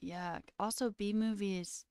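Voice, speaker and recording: A woman's voice: mid-range voice, steady tone, measured pace, a little mellow, clean tone, no echo, studio quality. A woman hosting a livestream, chatting casually with viewers, giggly and now and then dropping into a whisper. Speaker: livestream host.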